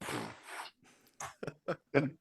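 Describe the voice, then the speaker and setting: A man in his thirties telling a profane, animated story as a podcast host in casual chat. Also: extremely slow.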